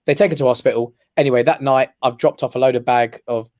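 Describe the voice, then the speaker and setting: A man, a guest on a talk show, telling a personal story with lively emphasis and frequent "right?" check-ins. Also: mid-range voice, fast talker, no echo, clean studio sound. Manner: animated storyteller who keeps checking in with "right?". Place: his office.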